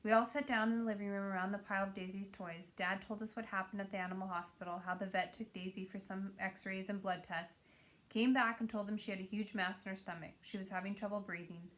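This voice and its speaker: A woman's voice: medium pitch, steady tone, quick pace, a bit bright. A woman reading a novel aloud in a plain, earnest way, now and then stumbling and correcting herself. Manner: plain, earnest reading with small slips and restarts. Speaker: reader.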